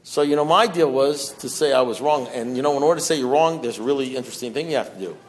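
A middle-aged man giving a twelve-step recovery testimony, talking in a loose conversational way with lots of fillers, dropping low and hushed, then rising to loud, raised outbursts. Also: fast talker. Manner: conversational, fillers like "you know" and "deal", mimics voices. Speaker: recovering alcoholic sharing at a meeting.

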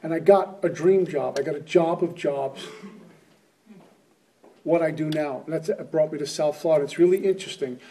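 A middle-aged man shares his story at a recovery meeting in an earnest, conversational way. His voice is very mellow and soft-edged, sitting a little high for a man. He sounds set back from the microphone. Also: normal speed, recorded from a distance, slight background noise. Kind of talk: personal testimony talk.

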